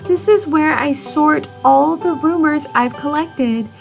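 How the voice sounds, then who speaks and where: A woman with a high voice narrates her gameplay in a casual let's-play style. She talks at an easy, unhurried pace, adding playful asides and little sound effects. Soft music plays faintly in the background. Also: vocal fry. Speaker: gameplay podcaster.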